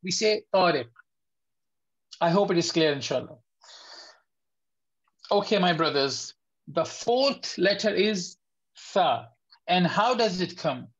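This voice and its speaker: This man teaches tajweed online in a high, expressive voice, though the recording is muffled. As a Quran recitation teacher, he goes over letter sounds slowly and patiently, checking that everyone follows and asking if it's clear.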